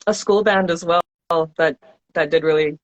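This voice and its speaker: A woman's voice: on the low side, moderate pace, no echo, lo-fi sound. A woman hosting a casual podcast chat, upbeat and encouraging with her guest. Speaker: podcast host.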